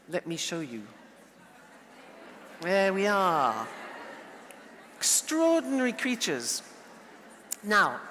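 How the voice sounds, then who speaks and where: Brief: animated male lecturer, mid pitch, long hall reverb. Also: a little hiss or hum. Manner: lively, playful, animated demonstrations. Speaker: teacher. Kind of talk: lecture with role-play.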